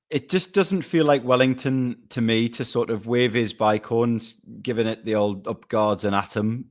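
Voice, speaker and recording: A man co-hosting a history livestream, musing casually in conversation. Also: fairly low pitch. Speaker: co-host.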